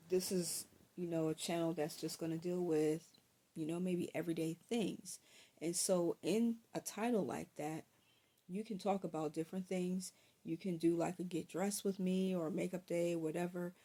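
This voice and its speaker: A young woman chats casually to her viewers, sharing tips in a relaxed, rambling way. Her voice sits a little low and sounds mellow and warm. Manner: chatty, relaxed, frequent ums and you-knows. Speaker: vlogger giving channel tips. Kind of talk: casual talk to camera.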